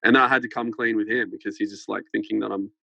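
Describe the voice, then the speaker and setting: Rambling young man, flat low voice. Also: quick pace, vocal fry, dry recording. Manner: rambling, many fillers, laughs while telling. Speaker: podcast guest. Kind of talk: casual storytelling. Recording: dull lo-fi podcast sound.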